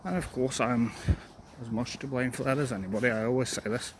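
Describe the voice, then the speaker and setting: A man's voice: mid-range voice, steady tone. Out-of-breath man walking uphill outdoors. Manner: reflective, halting, candid. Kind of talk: candid personal vlog while walking. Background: loud outdoor noise.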